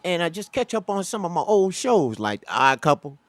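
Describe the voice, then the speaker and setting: High voiced guy cohost, loud and joking, dry sound. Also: sing-song, a little fast, no echo. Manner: brassy, joking, loud greetings. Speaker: co-host. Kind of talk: casual live comedy chat.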